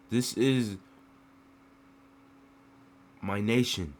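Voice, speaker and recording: A man's voice: mid-range voice, lively intonation, moderate pace, slight background noise. A man from the United States giving an emotional political rant to the camera, full of rhetorical questions and repeated phrases.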